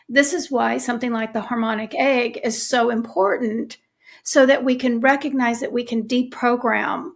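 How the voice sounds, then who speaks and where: A woman podcast host with a somewhat high, gravelly voice and plenty of vocal fry. She talks casually and earnestly, stressing her points and looping back on herself as she rambles. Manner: earnest, emphatic, rambling with repetitions. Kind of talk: casual conversational interview.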